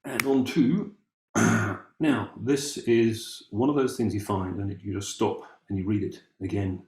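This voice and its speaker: A man talks casually and wryly, thinking aloud with ums and restarts. His voice sits fairly low. The room around him rings with a clear echo. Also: fairly even intonation, unhurried, a little mellow. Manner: musing, wry, with many ums and restarts. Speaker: amateur family historian presenting. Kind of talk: casual talk with read-aloud documents.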